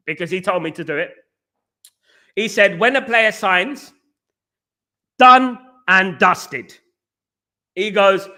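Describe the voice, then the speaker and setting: A man's voice: high voice, pushed and bright. A man hosting a casual live stream, reading out comments and answering in a rambling, jokey way that repeats phrases. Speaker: host.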